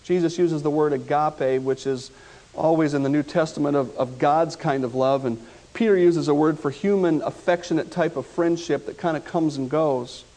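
A man preaching a sermon, retelling a story with dramatic swings between loud outbursts and quiet, hushed lines. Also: fairly high pitch, moderate pace.

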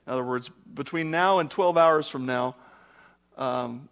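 A middle-aged man preaching a sermon in an animated, conversational way, full of rhetorical questions to his congregation. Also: medium pitch, normal speed, gravelly. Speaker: pastor.

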